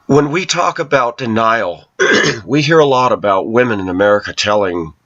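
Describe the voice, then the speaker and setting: A man talking to his viewers in a long personal monologue, aggrieved and telling his side, often clearing his throat. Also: lowish voice, normal speed, a bit bright. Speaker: vlogger addressing viewers. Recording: slightly dull lo-fi recording.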